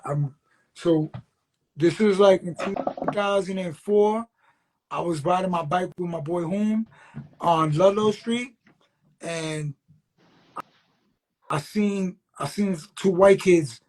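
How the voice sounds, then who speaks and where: New graff writer guy, husky kinda high voice, cursing and rambling through stories, casual interview. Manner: loose, profane, streetwise, peppered with "you know what I'm saying".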